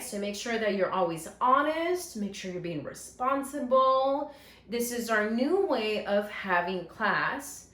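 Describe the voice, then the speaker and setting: A woman teaching first-grade phonics, her fairly high voice drawing out each word very slowly so young children can echo it. She praises the class often and keeps her tone encouraging. The room has a noticeable echo. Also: fairly bright tone. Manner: slow, drawn-out word modeling with encouraging praise. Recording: echoey room sound.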